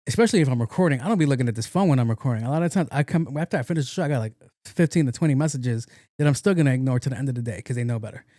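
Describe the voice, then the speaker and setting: A man's voice: mid-range voice, lively intonation, very fast, warm tone, no room sound. Rambling New podcast guy, dry sound. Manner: rambling, profane, slangy, acts out quotes. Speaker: podcast host. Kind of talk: casual solo podcast chat.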